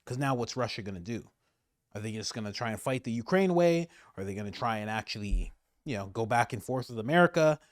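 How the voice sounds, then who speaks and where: Animated man giving casual commentary. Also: medium pitch, brisk, no echo, studio quality. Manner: animated, laughing, emphatic repetition.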